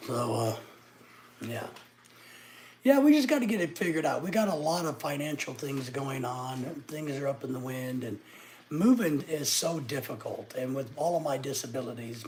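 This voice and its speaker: With slight background noise behind him, a mid-range, darkish voice speaks at a moderate pace. It belongs to a middle-aged Arkansas man on a livestream who answers chat casually and pokes sarcastic fun at his viewers.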